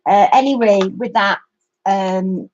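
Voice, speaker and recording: A woman's voice: medium pitch, slow pace, a little mellow. A middle-aged woman, telling a long story in a casual live-stream chat. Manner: rambling storyteller. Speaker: craft channel host. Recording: dry, muffled lo-fi sound.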